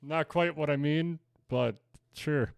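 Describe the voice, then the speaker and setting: A man's voice: on the high side, slow, gravelly, clean tone, no echo. A man co-hosting a podcast in casual chat, giving short, dry, understated replies. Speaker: podcast co-host.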